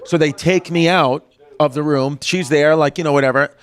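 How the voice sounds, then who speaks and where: Male podcast host, a bit high-pitched, rambling storyteller who swears a lot. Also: moderate pace. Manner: animated storyteller, lots of "like" and swearing. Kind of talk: casual chat.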